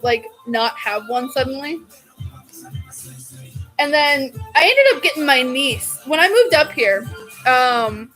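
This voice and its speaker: A woman's voice: high voice, a bit bright, poor audio. A young woman vlogging in a casual, chatty way, gushing and laughing often. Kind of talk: casual chat.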